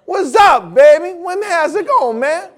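Breezy slangy young dude, loud drawl, pitched high, as a man puts him on. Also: expressive, unhurried.

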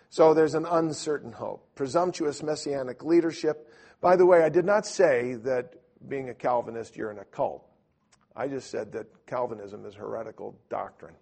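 A man with a gravelly, husky voice teaches a church class in a loose, storytelling way. He keeps restarting his sentences and pokes fun at himself along the way. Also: medium pitch, moderate pace, darkish tone. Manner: storytelling, self-deprecating, many restarts. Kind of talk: informal teaching talk.

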